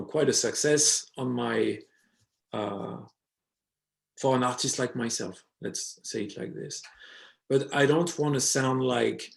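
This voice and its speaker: A man's voice: medium pitch, vocal fry. A man from France with a French accent, talking as an interview guest, hesitant with many fillers and restarts. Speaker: guest musician. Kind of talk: casual interview conversation.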